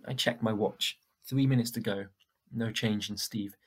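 A man reading a first-person storybook aloud in a steady, plain way, with a husky voice. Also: lowish voice, a little slow. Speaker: audiobook narrator.

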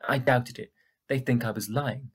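A man reading a first-person storybook aloud in a steady, plain way, with a husky voice. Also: medium pitch, normal speed. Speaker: audiobook narrator.

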